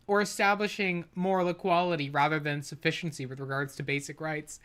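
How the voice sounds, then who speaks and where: A man's voice: fairly high pitch, animated, a little fast, fairly bright tone. A man streaming and reacting to a debate clip, arguing back in a profane, exasperated way and laughing at times. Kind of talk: heated livestream commentary.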